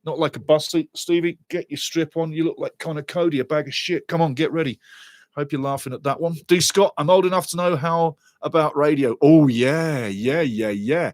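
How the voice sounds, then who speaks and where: Jokey older welsh guy running a football stream, fairly high voice, dry close sound. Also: a little fast, no echo. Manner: excitable, jokey, bursts into shouting. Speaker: football watchalong host. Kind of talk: live-stream chat reading viewer comments.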